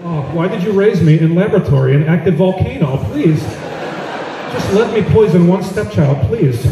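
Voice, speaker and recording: A man putting on the voice of a pouting, scheming female spy with a breathy, pleading foreign accent, recorded on a phone from far off in an echoey theater. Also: high voice, lively intonation, normal speed, a crowd in the background, pitched above the performer's own voice.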